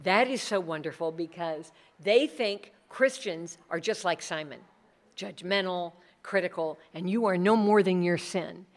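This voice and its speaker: Woman, middle-aged, workshop talk, conversational, lower pitch, acts out quotes. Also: a little slow. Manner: conversational, animated, quotes people in voices. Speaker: speaker leading a workshop. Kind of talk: conference talk.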